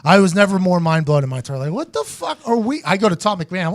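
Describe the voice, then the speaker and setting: Animated, profane American man telling a story. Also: high voice, quick pace, few pauses, no echo, clean studio sound. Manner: animated, profane, acts out quotes in raised voice. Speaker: host, former punter. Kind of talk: casual storytelling podcast chat.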